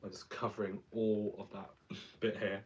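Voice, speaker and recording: A man's voice: on the low side, level tone, normal speed, darkish tone, lo-fi sound. A man who is a drag performer, chatting playfully while doing his makeup and laughing often.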